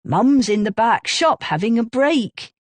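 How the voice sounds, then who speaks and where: A woman's voice: a little high, expressive, unhurried, no room sound, pitched above the performer's own voice. A woman voicing a curt, offhand young man working in a bakery. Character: young male shop assistant, curt and offhand.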